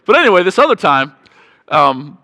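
A man preaching a sermon, telling a family story in a chatty, halting way, with repeated words and restarts, and growing louder when he gets excited. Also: high voice, gravelly. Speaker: pastor. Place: church sanctuary. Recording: reverberant church hall.

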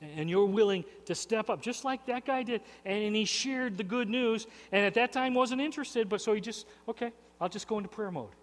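A man's voice: high voice, brisk, hardly any pauses, in a large hall. A man preaching a sermon as pastor, earnest and personal, often repeating words and restarting phrases. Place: church sanctuary.

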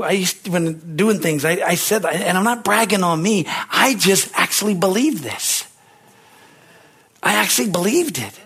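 A middle-aged male pastor preaching a fervent sermon, with a husky voice, swinging from low murmurs to shouted bursts and calling for amens. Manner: asks the congregation for amens.

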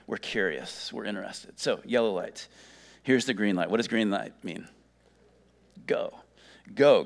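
A male pastor preaching a sermon, emphatic, asking the congregation questions and waiting for answers. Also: medium pitch.

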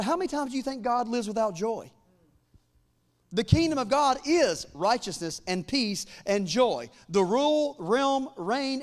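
A man in his forties preaching a sermon as pastor, joking with the congregation and building to loud, fervent declarations. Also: very high voice. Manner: humorous asides to the congregation.

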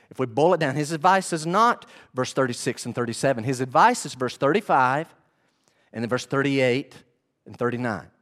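A male pastor preaching a sermon, animated and often asking the congregation questions. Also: a little high.

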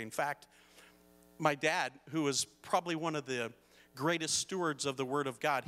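Bright-voiced preacher in a reverberant hall. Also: male voice, a little high. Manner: storytelling, rising to emphatic preaching. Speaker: pastor. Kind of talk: sermon. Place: church hall.

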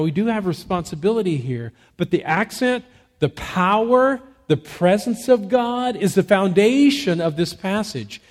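Male pastor, sermon delivery, emphatic and measured, slightly raised pitch, nursing a cough. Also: creaky. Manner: measured, emphatic preaching with rhetorical questions. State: fighting a cough.

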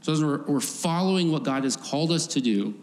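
A man's voice: fairly high pitch, expressive, fairly quick, a little mellow. A man giving a conversational sermon, often laughing and acting out voices from the story. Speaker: preacher. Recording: faint background noise, long hall reverb.

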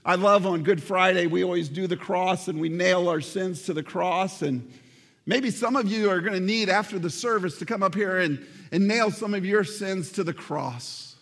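A man's voice: sits high, moderate pace, fairly bright tone, long reverb tail. A man preaching a sermon as pastor, earnest and addressing the congregation directly, repeating words for emphasis. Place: church sanctuary.

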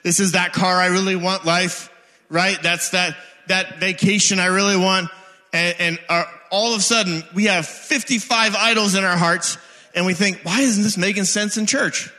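Bright-voiced preacher. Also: male voice, sits high, normal speed. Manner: casual, conversational, energetic. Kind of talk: sermon. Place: church hall. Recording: hall with long reverb.

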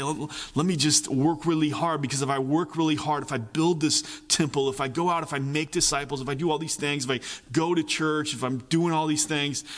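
A man preaching a sermon, animated, repeating phrases for emphasis and acting out voices. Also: fairly high pitch, in a large hall. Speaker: pastor.

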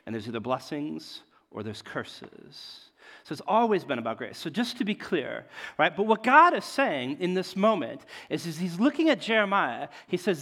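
A man preaching a sermon as a pastor, in a conversational way, often checking in with "right?" and swinging between loud emphasis and quiet asides. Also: fairly high pitch, sing-song, moderate pace. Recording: long hall reverb.

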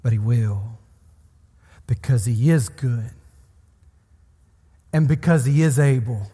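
A man's voice: mid-range voice, slow, mellow, husky. A man preaching a sermon in an earnest, pastoral way, building emphasis through repeated phrases. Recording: long hall reverb.

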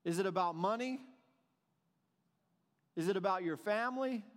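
A man preaching a sermon, moving between soft, drawn-out passages and emphatic, animated questions. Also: high-pitched, long reverb tail. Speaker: pastor.

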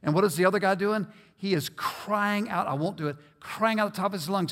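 A man's voice: high-pitched, fairly quick, hardly any pauses, a bit bright. A man preaching a sermon as pastor, earnest and emphatic, often repeating words as he works toward a point. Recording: long reverb of a large hall.

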